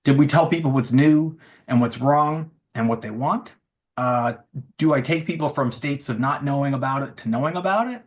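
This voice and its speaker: A man's voice: medium pitch, normal speed. A middle-aged man giving a frank, casual conference talk who acts out the things he says to a chatbot. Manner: casual, frank, says "you know" and "just" a lot. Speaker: speaker at a tech event.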